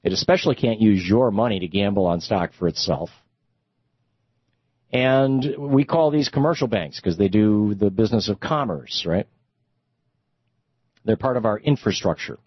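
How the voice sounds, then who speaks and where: A man's voice: lowish voice, expressive, moderate pace, pauses often, breathy edge, no echo, highs cut off. A man hosting a radio talk show, explaining in a conversational, emphatic way with rhetorical questions.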